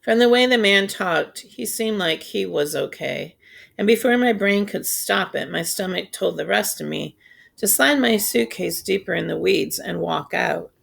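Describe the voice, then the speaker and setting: A woman reading a children's novel aloud in a steady, unhurried storytelling voice. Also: medium pitch, creaky. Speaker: audiobook reader. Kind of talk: scripted narration.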